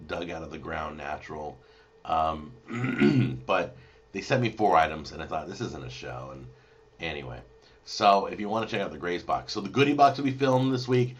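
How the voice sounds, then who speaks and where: A middle-aged man hosting a live show, chatting casually and telling rambling, animated stories to viewers. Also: low-pitched. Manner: rambling, animated storytelling with restarts. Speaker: cooking show host answering viewer questions.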